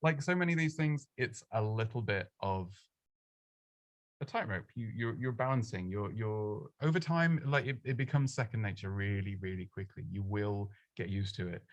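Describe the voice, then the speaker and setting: A man giving casual, chatty advice on presenting, self-deprecating and prone to quick restarts. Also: lowish voice, no echo, dull audio. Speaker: presenting coach. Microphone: close studio microphone.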